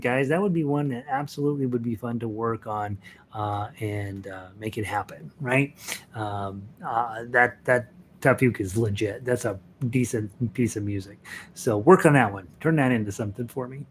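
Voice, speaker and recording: A man's voice: mid-range voice, normal speed. A man with a mid-range voice leading an online ukulele class. He is chatty and encouraging, laughs easily and counts the group into each song. A faint hum of room noise sits behind him. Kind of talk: casual online music class.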